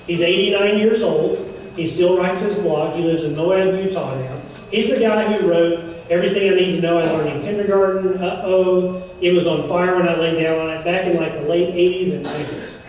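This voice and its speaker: A man's voice: high voice, moderate pace, a little mellow, slight background noise. A man giving a seminar talk, chatty and joking with playful asides. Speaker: seminar speaker. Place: event room. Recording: echoey room, mic far off.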